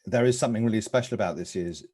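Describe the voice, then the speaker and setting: A man's voice: lowish voice, very fast, a little mellow, husky. A man speaking on a cycling podcast in a reflective, earnest way. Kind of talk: podcast discussion.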